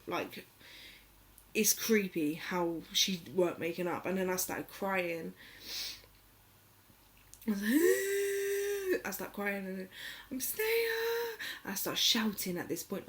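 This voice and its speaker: A young woman casually telling a personal story, rambling with lots of fillers and getting emotional. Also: fairly low pitch. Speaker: vlogger.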